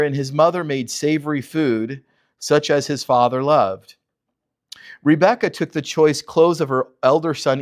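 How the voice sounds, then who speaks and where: A pastor with a slightly high voice teaches verse by verse, delivering it with animation. He sprinkles in rhetorical questions and chuckling asides.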